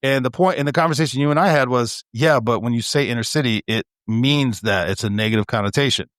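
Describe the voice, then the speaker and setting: A man co-hosting a podcast, telling stories in an animated, swearing, laughing casual chat. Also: mid-range voice, quick pace, no echo, studio quality. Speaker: podcast co-host.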